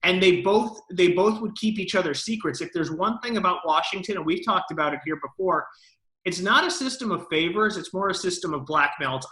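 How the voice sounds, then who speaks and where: Emphatic man, bright voice, echoey room. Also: high-pitched, expressive, a little fast. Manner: emphatic, lawyerly explaining. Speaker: co-host of a political talk show. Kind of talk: opinionated political commentary.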